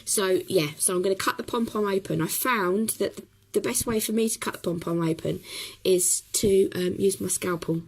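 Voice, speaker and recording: A woman with a hoarse, croaky voice from a cough, explaining a craft project step by step in a chatty way with many pauses. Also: mid-range voice, poor audio. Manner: chatty, talks while working, many ums. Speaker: craft tutorial host. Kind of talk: casual craft tutorial.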